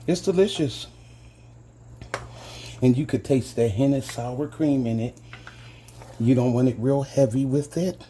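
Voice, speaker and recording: Amid background noise, a medium-pitched man runs a laid-back cooking demo from his home kitchen for his channel. He chats with viewers, addressing them as "guys," and hums softly as he savors every taste.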